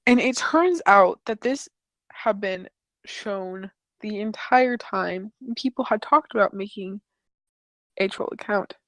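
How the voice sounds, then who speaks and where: A woman's voice: mid-range voice, takes it slowly, fairly bright tone, no room sound. A woman narrating chat logs as comedy, dropping sardonic asides.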